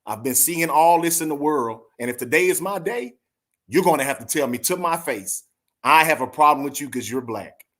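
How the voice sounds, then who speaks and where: A man's voice: a little high, expressive, normal speed, fairly bright tone. Earnest man in his forties telling a story. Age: 40s. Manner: earnest, addresses listeners directly. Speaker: podcast co-host. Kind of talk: casual storytelling.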